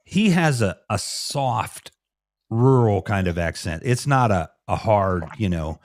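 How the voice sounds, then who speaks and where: A man's voice: lowish voice, lively intonation, takes it slowly, dry recording, studio quality. A man with a Midwestern American accent, hosting a casual interview chat, loose and chatty and swearing offhand. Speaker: talk show host.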